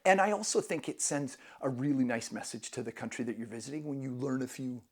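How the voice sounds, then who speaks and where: A man's voice: medium pitch, fast talker. A man hosting a travel vlog, giving casual travel tips in an enthusiastic, self-deprecating way.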